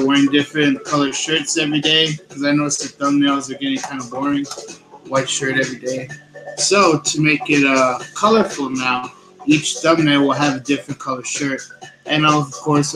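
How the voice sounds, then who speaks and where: Man hosting a solo show, fairly high voice, loud and close-miked, lots of ums, music playing underneath. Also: poor audio. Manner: loud, speaks close to the mic, hesitant with fillers. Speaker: host of a paranormal news show. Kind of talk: casual solo show talk. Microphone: close microphone. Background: background music.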